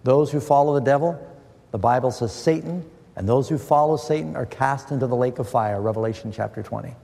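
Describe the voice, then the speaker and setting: A man's voice: mid-range voice, fairly quick, vocal fry, mellow. A middle-aged male preacher giving a sermon as a Bible study, posing questions and answering them with scripture in an earnest, emphatic way. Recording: long reverb of a large hall.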